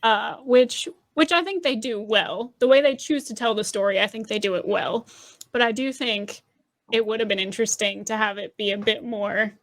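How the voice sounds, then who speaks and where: A woman's voice: on the high side, normal speed. A woman in a casual panel discussion, earnest and agreeable, weighing her views carefully.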